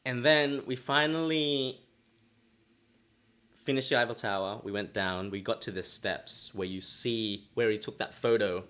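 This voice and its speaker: A man's voice: on the low side, measured pace, bright, forceful tone. A young man co-hosting a podcast, telling a story in casual chat and acting out his own past thoughts. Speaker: podcast co-host.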